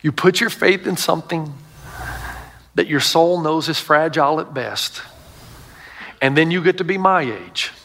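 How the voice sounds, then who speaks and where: A man's voice: a little high, a little slow, vocal fry, pauses often, a bit bright. A middle-aged male pastor preaching a sermon to a congregation, telling stories with emphatic asides.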